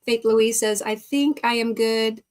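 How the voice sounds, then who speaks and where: A middle-aged woman talks through a live stream at an easy, unhurried pace, her voice sitting a little high. She greets viewers one by one and laughs often between comments, close to a desk mic. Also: steady tone. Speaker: livestream host. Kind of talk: casual chat reading live comments.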